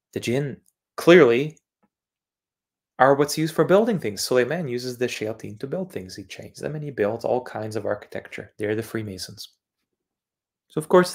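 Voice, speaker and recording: A man's voice: mid-range voice, creaky. A man from Eastern Europe holds forth on his livestream in a mid-range voice. He repeats key words several times over as he explains them, pressing each point insistently. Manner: insistent lecturing tone. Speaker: channel host. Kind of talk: livestreamed religious monologue.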